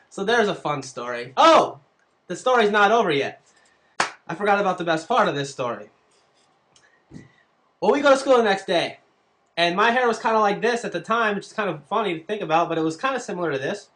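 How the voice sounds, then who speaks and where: A man answering fan questions on his vlog, telling stories in a casual, profane and animated way. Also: on the high side. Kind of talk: casual storytelling.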